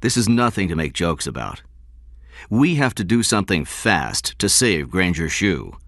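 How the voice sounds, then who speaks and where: A man's voice: sits low, big pitch swings, normal speed, fairly bright tone, no room sound, clean studio sound, full character voice. A man voicing a thin, pushy male sales chief who presses his case insistently in an audiobook reading. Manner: insistent, persuasive.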